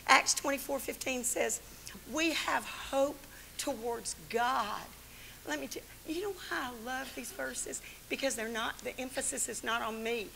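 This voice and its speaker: An older woman teaching the Bible to a women's church gathering in an animated, folksy sermon full of stories and laughs. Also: high voice, gravelly, slight background noise. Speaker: Bible study teacher and speaker.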